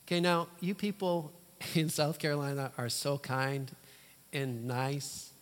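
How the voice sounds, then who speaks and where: A man's voice: on the high side, fairly even intonation. Emphatic male preacher with long hall reverb. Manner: emphatic, with dramatic pauses and sudden loud bursts. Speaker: pastor. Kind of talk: sermon. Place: church.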